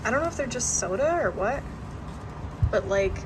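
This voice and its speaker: A woman's voice: a little high, lively intonation, moderate pace, noisy background. A young woman chatting casually through a travel vlog outdoors, bubbly and self-mocking, tired from the heat. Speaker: vlogger. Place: outdoors on city streets. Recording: loud background music.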